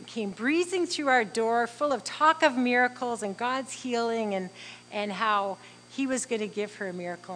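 A woman's voice: medium pitch, fairly bright tone, a little hiss or hum, low-quality recording. A middle-aged woman telling a personal faith testimony in an earnest, heartfelt way, acting out bits of dialogue as she goes. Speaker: speaker sharing a faith testimony.

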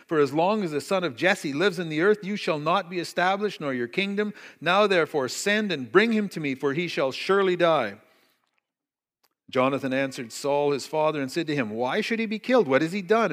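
A middle-aged male pastor preaching a morning sermon, telling a story with lively asides and occasional jokes. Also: fairly high pitch. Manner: storytelling, animated, jokey asides. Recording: reverberant hall.

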